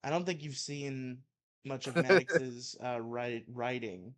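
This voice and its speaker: A man's voice: medium pitch, fairly even intonation, slow pace, crowd noise. A young man co-hosting a casual show, reading a comedy article aloud with mock outrage and laughing at his own reading. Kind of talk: casual chat and comic dramatic reading.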